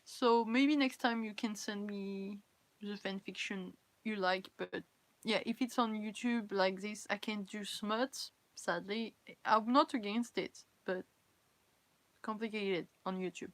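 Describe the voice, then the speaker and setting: With a mid-range voice, fairly even intonation, and a slow pace, a tired young French cosplay livestreamer chats casually on stream. Her tone is a bit bright, with no echo. A native French speaker with a French accent, she often giggles, reads out viewers' comments, and belittles herself.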